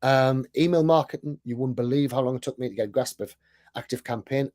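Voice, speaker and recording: A man's voice: medium pitch, a little fast, darkish tone. A man with a thick accent gives a casual sales presentation, chatty and self-deprecating, often checking in with "right?". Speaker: online sales coach and business owner.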